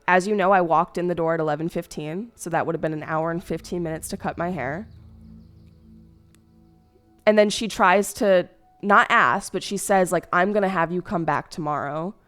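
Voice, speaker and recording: Rambling young woman streamer, smooth voice. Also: on the low side, normal speed, a bit bright, faint music behind. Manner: rambling, hurt storytelling with many fillers and restarts. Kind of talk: casual stream chat.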